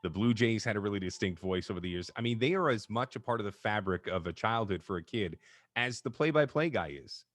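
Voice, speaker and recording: A man's voice: fairly low pitch, a little fast, dry recording. A man hosting an interview, asking questions and telling stories with enthusiasm. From Canada. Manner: enthusiastic, animated storyteller. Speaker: podcast host. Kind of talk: interview host.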